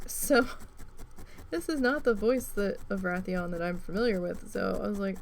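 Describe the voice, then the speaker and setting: A woman chatting casually as a crafting vlogger, rambling with lots of fillers and some swearing, getting animated as she tells a story. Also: medium pitch, moderate pace, creaky, a little hiss or hum. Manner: rambling, profane, many "um" and "like" fillers; animated when retelling a story.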